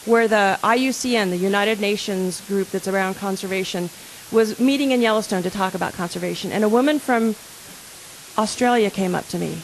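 Here the park service official has a mid-range voice and speaks a little fast, quizzing listeners in an earnest, conversational manner. The rough recording carries a little hiss or hum.

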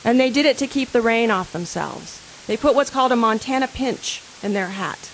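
Fairly quick and a little high-pitched, the park service official quizzes her audience in an earnest, conversational talk. The rough recording has a touch of hiss or hum.

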